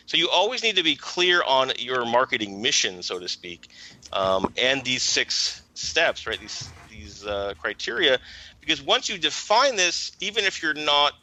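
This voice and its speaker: Guy explaining marketing on a podcast, super bright voice, keeps saying "right?". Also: medium pitch, low-quality recording. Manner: thoughtful, explanatory, frequent "um" and "right?". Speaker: marketing teacher and podcast guest. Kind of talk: casual podcast interview.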